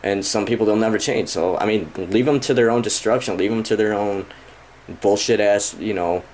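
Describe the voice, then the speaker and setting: Thirties male vlogger, low voice, rambling profane rant, faint room noise. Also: moderate pace, darkish tone. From Michigan, USA. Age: 30s. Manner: frustrated, profane, rambling with many fillers. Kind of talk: casual rant to camera.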